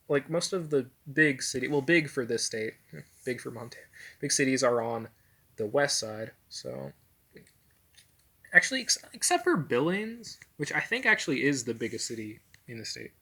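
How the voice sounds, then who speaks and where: A man's voice: medium pitch, pushed and bright. A young man casually talking over a map, rambling with lots of fillers and self-corrections as he ranks things. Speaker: vlogger.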